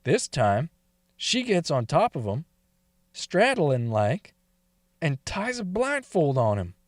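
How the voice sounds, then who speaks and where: A man's voice: fairly high pitch, wildly swooping pitch, slow, no room sound, clean studio sound. A man telling a story in a casual, crude way, swearing and laughing often between lines.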